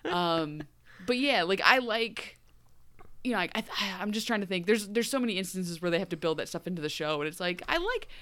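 A woman's voice: fairly low pitch, brisk. A woman co-hosting a podcast, chatting casually about a TV episode, rambling and acting out lines from scenes. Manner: animated, rambling, acts out quoted lines. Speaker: podcast co-host. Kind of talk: casual TV recap chat.

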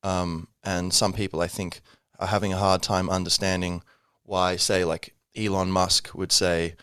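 A man's voice: sits low, little pitch movement, a little slow, pushed and bright, smooth, no room sound, clean studio sound. A man hosting a casual solo podcast, rambling with many fillers and self-corrections. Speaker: podcast host.

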